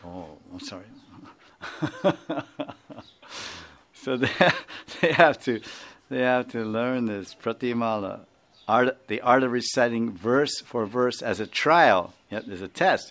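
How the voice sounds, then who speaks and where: A man's voice: medium pitch, measured pace, fairly bright tone. A man with an Indian accent, a spiritual teacher giving an informal class, rambling, chuckling and often asking his listeners to confirm.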